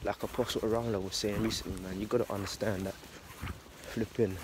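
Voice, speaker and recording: A man's voice: lowish voice, level tone, a little fast, background noise. A man talking casually about faith in a loose, slangy monologue, swearing and ending lines with "man.". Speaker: religious vlogger.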